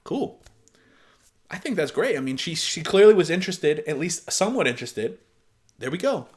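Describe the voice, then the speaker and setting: A young man with a slightly high voice reacts to posts in casual commentary. He talks bluntly and swears freely, breaking into animated outbursts between readings. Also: normal speed.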